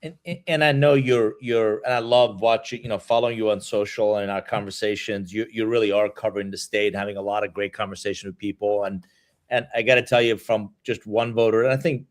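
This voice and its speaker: A man's voice: on the low side, steady tone, a little fast. A man hosting an interview, giving encouraging remarks and asking long questions that he restarts several times. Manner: affirming, rambling questions with restarts. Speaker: interview host. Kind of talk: conversational interview.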